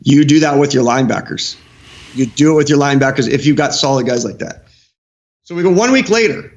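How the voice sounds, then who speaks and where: A middle-aged male football coach breaking down game film on a live stream show, animated and excitable, often restarting his sentences. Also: mid-range voice, brisk, highs cut off. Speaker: football coach, guest analyst.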